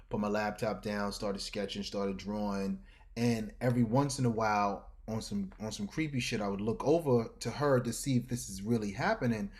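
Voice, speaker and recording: A man from New York telling stories as a podcast guest, lively, jumping into exaggerated voices when he quotes himself. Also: lowish voice, normal speed. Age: adult with a school-age son. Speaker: guest artist. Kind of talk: casual storytelling.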